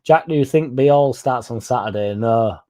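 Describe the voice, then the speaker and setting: A man's voice: medium pitch, moderate pace, dark tone. A young man, chatting casually and swearing as he reads out comments on his fan stream. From England. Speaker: fan channel host reading live chat. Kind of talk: casual live-stream chat.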